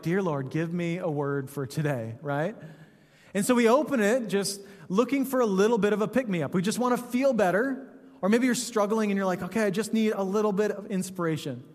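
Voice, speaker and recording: A man's voice: sits high, big-room sound. A man, a pastor, preaching a sermon in a conversational, joking way, often asking "right?".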